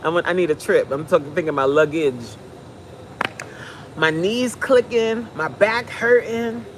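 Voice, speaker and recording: A woman's voice: lowish voice, measured pace, background noise. A fitness coach, a woman, giving a blunt, preachy, joking pep talk on a live stream.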